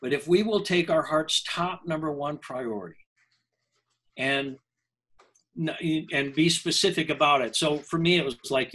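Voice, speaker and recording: A man's voice: fairly high pitch, animated, normal speed, a bit bright, husky, low-quality recording. Earnest older man telling a story. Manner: earnest, self-interrupting storyteller. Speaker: language coach guest. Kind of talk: conversational storytelling interview.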